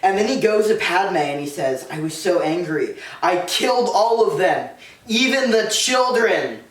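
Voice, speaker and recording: A man's voice: high-pitched, lively intonation, normal speed. A man giving a casual, comedic lecture to a small audience, talking in a sarcastic, rambling way full of "like" asides. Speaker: presenter. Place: room with a small live audience. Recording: echoey room, distant mic.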